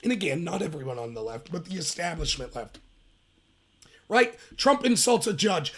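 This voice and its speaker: A man's voice: a little high, sing-song, a little fast, fairly bright tone. A man hosting a livestreamed political commentary show, talking emphatically and rambling, sometimes mocking quotes in a put-on voice.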